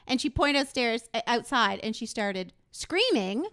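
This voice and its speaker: A middle-aged woman hosts a casual live show and spins her stories with animated energy, playing every part in the dialogue. Her voice sits a little high and sounds bright and forceful, swinging widely in pitch. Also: measured pace, clear, resonant tone. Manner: animated storyteller acting out dialogue. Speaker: show host. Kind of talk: casual live-stream chat.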